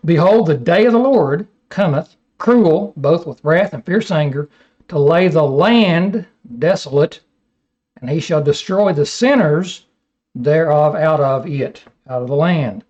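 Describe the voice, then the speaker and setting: A man's voice: a little high, expressive, measured pace, a little mellow. Man teaching a Bible study, lo-fi. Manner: reads scripture aloud then explains it; asks rhetorical questions. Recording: dull lo-fi recording.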